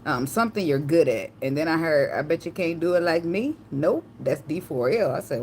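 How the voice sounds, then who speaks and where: Female tarot reader, AAVE, low pitch, chatty tangents, faint room noise. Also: lively intonation, moderate pace, a little mellow. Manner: chatty, tangential, slangy, swears and laughs. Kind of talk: casual channeled tarot reading.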